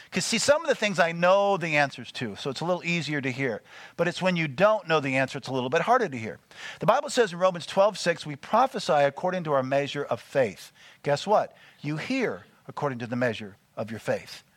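A man's voice: fairly high pitch, a bit bright, no room sound. A man preaching to a small church group, coaching them through listening exercises with frequent check-ins. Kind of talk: teaching sermon with group exercises.

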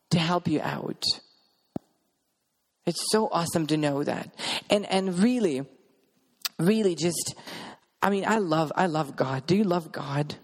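A man's voice: sits high, expressive, unhurried, pauses often. Emphatic man preaching a sermon. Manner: emphatic, repeats words, asks the audience questions. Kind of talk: sermon with a personal testimony.

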